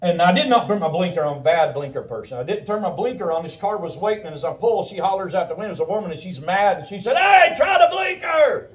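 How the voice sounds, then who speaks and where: A man preaching a sermon in a conversational, animated way, telling a personal story and laughing often. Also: a little high, quick pace, few pauses. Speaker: pastor. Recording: roomy sound from a distant mic.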